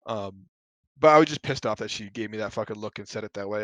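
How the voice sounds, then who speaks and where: This solo podcast host speaks fast in a lowish, slightly bright voice, with no echo in the recording. His talk is loose, blunt, and profane, building into heated rants full of "you know" and "like."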